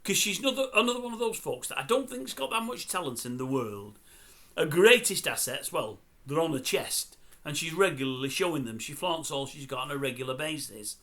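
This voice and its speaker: A man's voice: on the high side, lively intonation, brisk, a bit bright. An older man grumbling and mocking in a chatty celebrity commentary video. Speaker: YouTube commentator.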